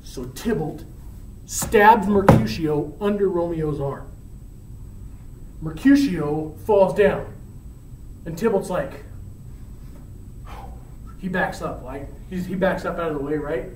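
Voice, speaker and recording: A male teacher retelling a story in a casual, animated way with slang. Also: fairly high pitch, takes it slowly, pauses often, a little hiss or hum. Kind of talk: storytelling lesson. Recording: echoey room, mic at a distance.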